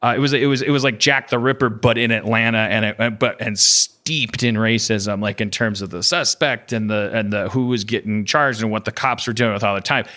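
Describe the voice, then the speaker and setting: Bright-voiced, rambling man. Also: on the low side. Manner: rambling, halting, full of fillers and restarts. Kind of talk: casual comedy podcast chat.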